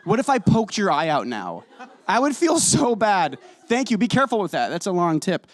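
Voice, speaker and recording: A man in his thirties chats as a guest, swinging his voice up and down with goofy asides before settling into earnest answers. He sounds tired and worn from a recent cold. His voice is a bit high for a man, and the sound is close and dry. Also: huge pitch swings, moderate pace, dry recording. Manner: playful, rambling, jumps between goofy asides and earnest answers. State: tired, just over a cold. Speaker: guest actor and director. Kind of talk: casual interview chat.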